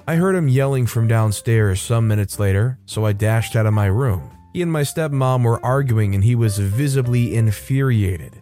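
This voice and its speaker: A man reading a first-person reader story aloud as a storytime narrator, in a steady, even manner. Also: mid-range voice, moderate pace, few pauses, soft background music.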